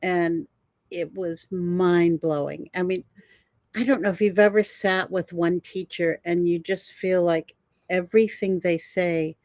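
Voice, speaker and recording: An older woman, a guest herbalist, telling animated stories in an interview and laughing often. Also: fairly low pitch, a little slow, no room sound. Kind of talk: storytelling in an interview.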